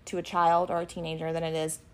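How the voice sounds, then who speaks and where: A middle-aged woman co-hosting a podcast, chatting and telling lively family stories about her kids in an animated way. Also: deep voice, quick pace. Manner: animated, acts out her kids' voices when retelling. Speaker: podcast co-host and ministry worker. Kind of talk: casual chat with storytelling.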